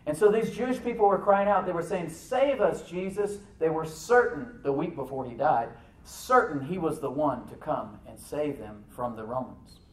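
A man preaching a sermon as pastor, animated, with rhetorical questions and soft asides to the congregation. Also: fairly high pitch, moderate pace, roomy sound, far from the mic, rough recording. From United States.

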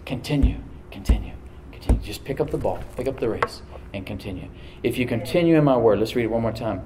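A man's voice: mid-range voice, animated, quick pace, crowd noise. A middle-aged male pastor preaching a sermon to his congregation, exhorting and repeating phrases for emphasis. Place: church hall with congregation. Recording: roomy church echo.

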